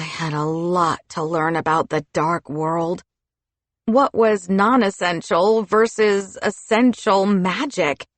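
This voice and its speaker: A woman narrating an audiobook in the first person, in an expressive storytelling manner. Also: lowish voice, slow, no room sound.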